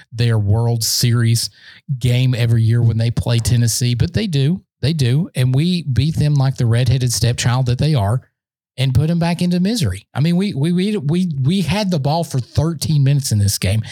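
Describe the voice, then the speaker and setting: A man hosting a solo sports podcast, talking in an excitable, boastful fan rant while standing in a room. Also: mid-range voice, no echo.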